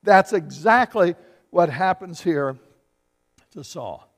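Animated preacher in an echoing hall. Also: male voice, high voice, slow. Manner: animated, shifts from loud bursts to hushed asides. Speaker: pastor. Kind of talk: sermon with storytelling. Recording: long hall reverb.

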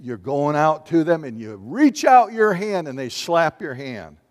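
A man preaching a sermon in a lively, conversational way, asking the congregation questions and acting out little voices. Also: on the high side, measured pace. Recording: long hall reverb.

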